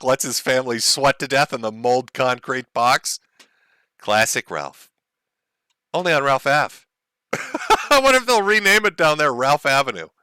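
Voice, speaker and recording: Sarcastic, lively-voiced man ranting on stream. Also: mid-range voice, no echo. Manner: sarcastic, profane, laughing at his own jokes. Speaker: livestream host. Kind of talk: mocking livestream commentary.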